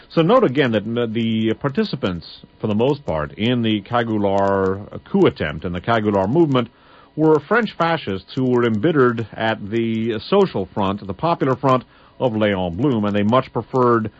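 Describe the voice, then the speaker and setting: A man hosting a spoken history commentary, reading long excerpts aloud and deliberately spelling out names letter by letter, on a dull lo-fi recording. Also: fairly low pitch, animated, no room sound.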